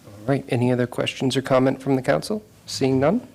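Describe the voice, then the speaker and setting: A man's voice: medium pitch, fairly even intonation, vocal fry, a little mellow. Man chairing a council meeting. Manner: brisk procedural phrasing, light humor. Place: council chamber.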